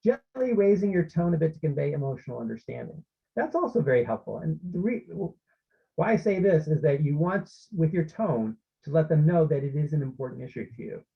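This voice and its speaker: A man's voice: on the high side, very animated, brisk, vocal fry, breathy edge, lo-fi sound. A man presenting an online parenting workshop, explaining steps and often checking in with his listeners.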